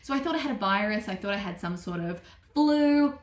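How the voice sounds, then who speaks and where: A young woman, telling a personal story to camera in a chatty, animated way with lots of fillers. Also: medium pitch, a little fast, reverberant. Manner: chatty, animated, acts out quotes, many fillers. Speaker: vlogger.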